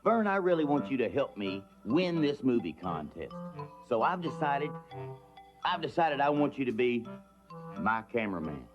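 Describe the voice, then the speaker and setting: A man voicing a goofy, excitable adult bumpkin in a cartoon, eager and boastful with a rubbery, twangy delivery. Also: mid-range voice, normal speed, highs cut off, music in the background, lightly acted. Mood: coaxing. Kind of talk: cartoon voice acting.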